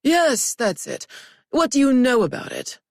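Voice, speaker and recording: A woman's voice: high-pitched, big pitch swings, measured pace, creaky, no room sound, studio quality, pitched above the performer's own voice, heavily acted. A woman voicing a vain, self-absorbed male celebrity boss who talks in a commanding, dismissive way. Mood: bossy.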